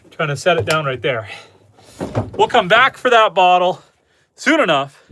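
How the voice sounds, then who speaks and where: Relaxed male homesteader on a livestream. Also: a little high, normal speed, pauses often, a little hiss or hum. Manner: relaxed, reads viewer comments aloud and talks to animals. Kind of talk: casual livestream chat. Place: outdoors on a farm at night.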